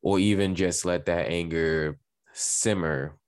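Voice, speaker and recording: A man's voice: low-pitched, fairly even intonation, slow pace, clear, resonant tone, no room sound, clean studio sound. A man hosting a conversation, reflecting thoughtfully on what his guest said. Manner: reflective, builds on guest's points. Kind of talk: conversational interview.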